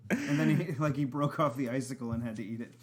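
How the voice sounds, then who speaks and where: A man's voice: medium pitch, fast talker, background noise. A man from the area, co-hosting a casual chat podcast in a rambling, profane, self-mocking way. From Boston area, Massachusetts. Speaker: podcast co-host.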